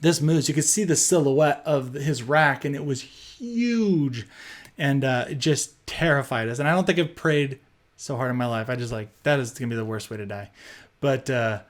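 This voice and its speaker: A young man narrating a personal storytime tale in a chatty, animated way, full of fillers. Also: medium pitch, normal speed.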